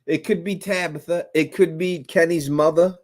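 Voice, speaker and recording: A man's voice: a little high, fairly even intonation, moderate pace. A man hosting a live call-in stream, talking bluntly and casually with slang. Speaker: host.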